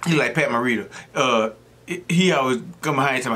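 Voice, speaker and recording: A man's voice: mid-range voice, fast, bright, forceful tone. A middle-aged man hosting an eating show, chatting casually between bites and wandering off into joking stories. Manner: rambling, joking storyteller. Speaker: mukbang host. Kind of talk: casual chat while eating.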